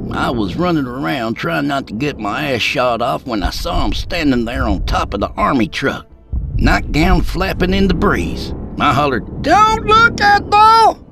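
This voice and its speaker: A man voicing a drawling country sidekick who talks slowly with plenty of slang. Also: medium pitch, animated, gravelly, music in the background, pitched above the performer's own voice. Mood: storytelling. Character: drawling good-old-boy sidekick.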